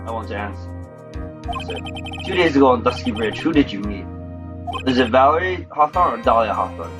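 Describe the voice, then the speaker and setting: A man's voice: medium pitch, expressive, fairly quick, over music, close to an everyday voice. A man reading an earnest young defense lawyer. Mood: pressing. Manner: pressing, direct questioning. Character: young male defense attorney, earnest and pressing.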